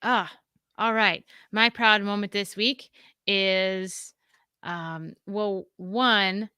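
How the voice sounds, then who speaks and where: Bright, crisp woman chatting casually. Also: mid-range voice, steady tone, extremely slow, no echo, studio quality. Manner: chatty, laughs often, many fillers. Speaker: podcast co-host. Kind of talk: casual chat.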